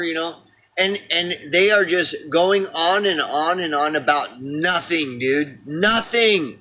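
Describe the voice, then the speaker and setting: Oklahoma man vlogging a rambling, exasperated rant; slightly high, tense and forceful. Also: lively intonation, measured pace, rough recording. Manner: exasperated, profane, full of fillers and restarts.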